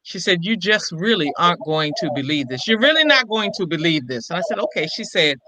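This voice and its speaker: An older woman, a comedian and impressionist, telling a story in an interview and acting out every quoted line with lively shifts in voice. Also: fairly low pitch, brisk, few pauses, noisy background.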